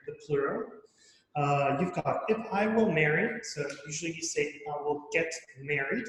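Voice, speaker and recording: A man's voice: fairly high pitch, measured pace. A man giving a grammar report over a video call, casual and full of fillers. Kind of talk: online club grammar report. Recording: very echoey room, faint noise.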